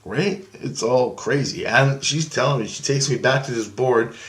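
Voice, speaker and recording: A man's voice: medium pitch, moderate pace, fairly bright tone. A man with a mid-range voice recounts a dream in an unscripted vlog. He talks animatedly and swears freely, slipping into quoted lines as he goes. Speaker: vlogger. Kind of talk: casual profane dream storytelling.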